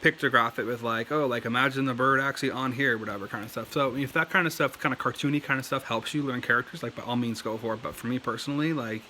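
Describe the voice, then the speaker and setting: Rambling man with a bright voice. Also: medium pitch, fast, few pauses, slight background noise. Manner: rambling, heavy on "like" and "um"; coughs now and then. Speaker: language learner sharing tips. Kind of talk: casual talk to camera.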